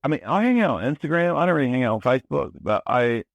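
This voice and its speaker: A man from New Zealand with a New Zealand accent, talking candidly and excitedly as a podcast guest, swearing freely and often restarting his sentences. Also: medium pitch, quick pace, gravelly, dry recording. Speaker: podcast guest, music producer. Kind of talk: casual chat.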